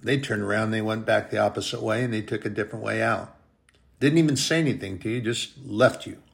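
A man preaching a sermon, slow and deliberate, drawing out his emphatic phrases. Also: lowish voice, vocal fry.

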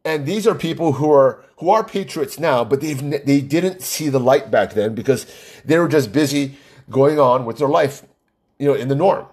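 A man's voice: mid-range voice, moderate pace, a little mellow, slightly rough. A man giving a casual, heated monologue, repeating words for emphasis and firing off rhetorical questions. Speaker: commentator. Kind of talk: casual political rant to camera. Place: Hawaii.

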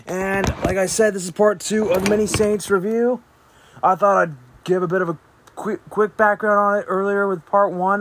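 Young male podcast host, slightly high voice, loose rambling review delivery. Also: a little hiss or hum. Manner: rambling, chatty, with self-corrections and restarts. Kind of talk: casual spoken movie review. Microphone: podcast microphone.

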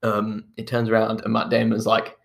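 A man's voice: on the low side, monotone, normal speed, vocal fry. A man in casual chat, retelling a film plot in a rambling way, restarting his sentences and chuckling as he goes. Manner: rambling, restarts often, chuckles while telling.

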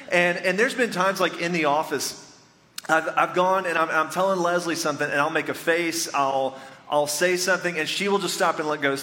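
Bright-voiced pastor preaching in a reverberant hall. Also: male voice, a little high, a little fast. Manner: chatty, joking, talks directly to the congregation. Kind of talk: conversational storytelling sermon. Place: church sanctuary before a congregation. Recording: long reverb of a large church hall.

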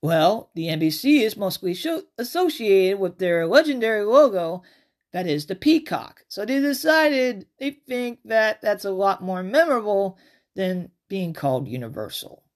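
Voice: mid-range voice, sing-song, measured pace. A podcast host giving a casual movie review in a chatty, rambling way, often restarting sentences. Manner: rambling, self-interrupting, chatty.

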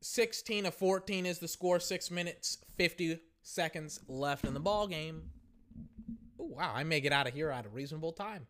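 A young man hosts a casual podcast and calls the game play by play, his voice high and bright. He reacts with slangy excitement at the big plays. His voice is wearing hoarse. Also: normal speed. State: voice going hoarse. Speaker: podcast host.

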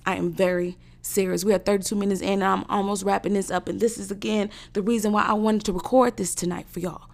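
A woman in her thirties hosts her own talk show in a loose, unscripted monologue. Her voice carries a gravelly vocal fry. She is blunt and profane and hammers her points home by repeating the same phrases. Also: medium pitch, fairly even intonation, fast talker, hardly any pauses.

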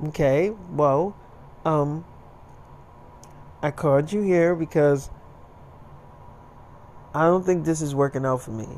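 A man's voice: fairly high pitch, slow, long pauses, a little mellow, slight background noise. A man voicing a blunt young woman who curses and speaks curtly, in a casually told story. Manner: curt, cursing, defensive.

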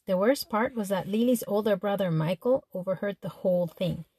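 A woman reads a teenage girl's diary aloud in the first person. She sounds chatty and exasperated, with a middle-pitched voice. The recording is dry and close to the mic. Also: a little fast, warm tone, slightly rough, no echo. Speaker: audiobook narrator. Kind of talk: first-person diary narration as a teen girl.

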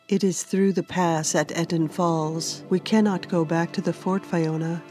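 A woman narrator voicing a young male warrior in a fantasy storybook, speaking gently and soberly. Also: fairly low pitch, steady tone, unhurried, soft background music, lightly acted.

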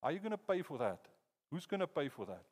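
A man with a South African accent voicing a grave male judge in a hushed, solemn way, with long hall reverb. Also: on the high side, very animated, quick pace. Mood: gentle. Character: grave judge weighing guilt and mercy, male.

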